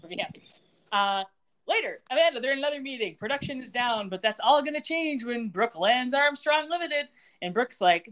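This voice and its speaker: On the high side and brisk, a woman's voice recaps a TV episode for a podcast she co-hosts. The retelling is casual and lively, full of laughter as she plays out the characters' dialogue.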